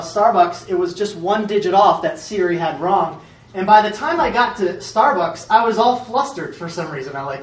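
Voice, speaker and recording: Guy giving a talk to a room, stumbles and restarts a lot, sounds far off and kinda muffled. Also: high-pitched. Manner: casual, halting, many fillers and restarts. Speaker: conference speaker. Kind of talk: presentation talk with jokes. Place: conference room before an audience. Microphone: far from the mic. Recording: echoey, muffled room recording from a distance.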